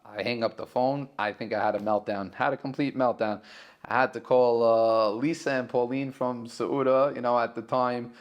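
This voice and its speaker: A man with a New York accent, a caterer telling a story as a podcast guest and acting out the dialogue in excited, raised voices. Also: medium pitch, normal speed, lo-fi sound. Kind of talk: animated storytelling.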